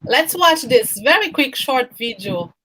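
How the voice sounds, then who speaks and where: A woman's voice: high-pitched, expressive, unhurried, pushed and bright, breathy edge. A woman hosting an online talk, introducing a clip and inviting questions in a casual way. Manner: friendly, casual announcing. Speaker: host.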